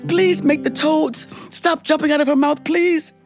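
A woman's voice: high-pitched, steady tone, unhurried, over music, voice pushed up. A woman voicing a plain, polite young commoner who pleads earnestly. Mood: pleading.

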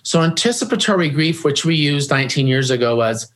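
A man's voice: on the high side, expressive, a little fast, fairly bright tone. A middle-aged man guesting in an interview, speaking earnestly and often restarting and repeating his words. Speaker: grief organization founder, guest. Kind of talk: conversational interview.

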